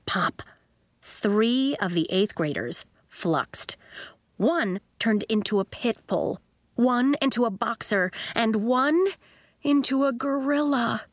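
This children's audiobook is read by a woman whose voice sits on the high side. She tells the story with lots of expression and voices each character individually, and there's no echo.

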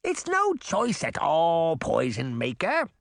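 A man voicing an ancient, cranky witch in an audiobook, croaking slowly and dismissively. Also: a little high, wildly swooping pitch, no room sound, studio quality, voice pushed up, full character voice. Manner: slow, dismissive, snapping. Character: ancient cranky female witch, old crone. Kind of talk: audiobook character voice.

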